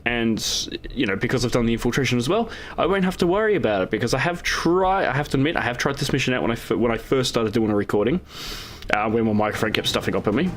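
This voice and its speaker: A man's voice: medium pitch, lively intonation, fast talker. A man hosting his own gaming channel, casually talking over recorded gameplay in a rambling way with lots of fillers and restarts.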